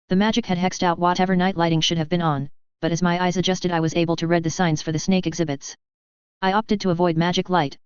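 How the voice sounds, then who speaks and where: A woman's voice: lowish voice, darkish tone, clear, resonant tone, no echo. A woman narrating a first-person fan fiction audiobook with wry, dry storytelling. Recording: dull lo-fi recording.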